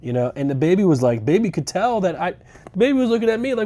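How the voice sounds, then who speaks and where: A man's voice: a little high, lively intonation, quick pace, dark tone. Young man, streamer, casual rambling chat, swears a lot, dry sarcasm, in a car. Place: inside a rental car on a road trip.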